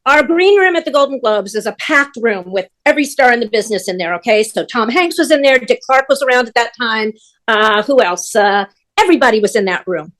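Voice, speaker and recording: Her voice is a touch high and a little quick as the older stage manager, here as a guest, recounts backstage tales. She tells them conversationally and with energy, voicing the other people involved.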